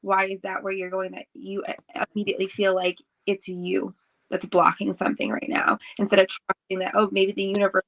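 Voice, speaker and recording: A woman's voice: mid-range voice, monotone, gravelly, low-quality recording. A woman giving casual spiritual advice on a live stream, chatty, full of "like" and "right?". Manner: chatty, fast, many "like"s and "right?"s. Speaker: co-host and reader.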